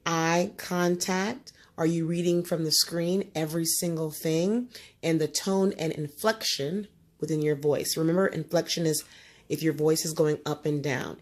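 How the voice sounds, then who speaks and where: A woman teaching a student one-on-one in a homeschool lesson, coaching and often checking understanding with quick tag questions. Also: low voice, a little mellow.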